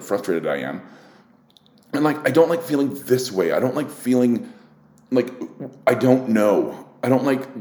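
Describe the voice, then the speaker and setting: A man's voice: lowish voice, a little mellow, reverberant. A man hosting a casual solo podcast, talking candidly and rambling with restarts, swearing often and getting worked up. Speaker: podcast host.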